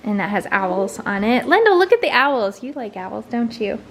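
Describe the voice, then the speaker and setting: A chatty, upbeat woman in her thirties hosts a casual family vlog. Her voice sits a little high, with a faint hiss of background noise. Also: very animated, normal speed, gravelly, fairly bright tone, poor audio. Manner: chatty and upbeat, talks to her toddler and mother. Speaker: vlog host.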